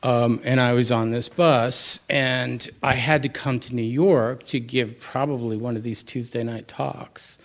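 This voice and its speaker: Speaking in a steady tone, a little slowly and with hardly any pauses, a middle-aged Buddhist teacher addresses a live audience at a typical male middle pitch. He tells a personal story candidly, with self-deprecating asides and frequent restarts.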